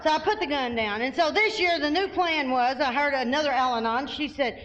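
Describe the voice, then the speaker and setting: A high-pitched middle-aged woman spins a humorous personal story for a convention crowd. Her delivery is animated and folksy, with laughs running through it. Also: fairly quick, highs cut off, a little hiss or hum. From Arkansas, USA. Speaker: recovery convention speaker.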